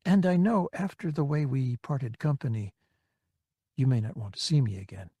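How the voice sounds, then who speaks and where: A man's voice: mid-range voice, very animated, moderate pace, mellow, breathy edge, no echo. A man reading as a hesitant, hopeful young woman. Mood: hopeful, tentative. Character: hopeful young redheaded woman in a holo message. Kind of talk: audiobook character reading.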